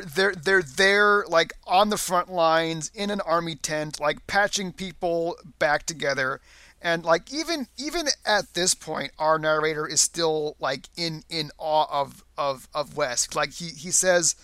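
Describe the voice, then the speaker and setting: Bright-voiced man, stammering chat. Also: a little high, gravelly, no room sound. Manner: stammering repeats of words. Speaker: podcast co-host discussing a story. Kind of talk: casual chat.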